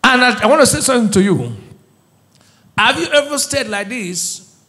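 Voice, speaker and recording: Brief: middle-aged male pastor, high voice, call-and-response sermon, soft asides to shouts. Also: lively intonation, normal speed.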